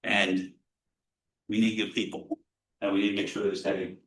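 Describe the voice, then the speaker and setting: Casting: middle-aged American professor, earnest motivational lecturer, blunt, bright forceful tone. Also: male voice, lowish voice, level tone, normal speed, rough recording. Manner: blunt, earnest, swears casually, swings from loud to hushed. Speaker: positive psychology professor.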